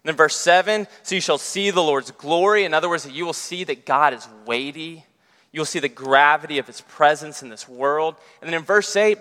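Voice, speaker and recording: A man's voice: fairly high pitch, pushed and bright, smooth, long reverb tail. A man preaching a sermon as a pastor, with earnest, rising and falling emphasis.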